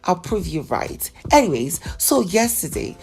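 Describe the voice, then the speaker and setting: Low-voiced chatty woman recapping gossip. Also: sing-song, unhurried, vocal fry, darkish tone. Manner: chatty and dramatic, acts out the people she quotes. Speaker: celebrity gossip vlogger. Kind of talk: casual reality-TV recap.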